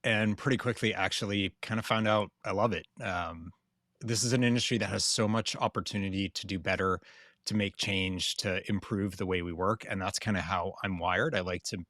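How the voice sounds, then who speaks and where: A man's voice: low voice, steady tone, normal speed, a bit bright, no echo, clean studio sound. A man from New England with a Boston accent, a guest talking loosely in an interview with many fillers. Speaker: guest, insurance consultant. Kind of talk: casual interview talk.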